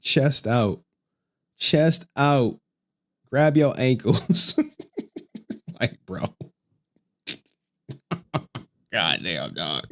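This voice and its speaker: A man's voice: mid-range voice, very animated, very slow, long pauses, a bit bright. Slangy man ranting on stream. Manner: slangy, crude, laughs often. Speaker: streamer commentator. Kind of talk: casual livestream rant.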